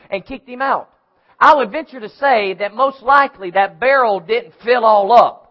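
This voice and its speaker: A man with a very high voice preaches an emphatic sermon, calling back and forth with his congregation. The church recording sounds muffled and lo-fi. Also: lively intonation, normal speed. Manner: emphatic preaching with call-and-response.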